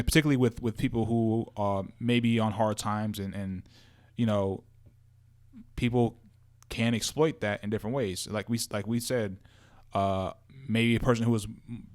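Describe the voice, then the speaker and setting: Podcast dude just chatting, lots of you know what im sayings, animated. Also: male voice, mid-range voice. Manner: animated, repeats himself, many fillers. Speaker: podcast co-host. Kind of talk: casual chat.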